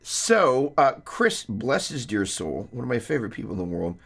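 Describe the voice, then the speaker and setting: A man's voice: medium pitch, big pitch swings, normal speed, fairly bright tone, breathy edge. A man hosting a casual live-stream guitar lesson, rambling and chatty, breaking off mid-sentence to greet viewers. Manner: rambling, self-interrupting, chatty.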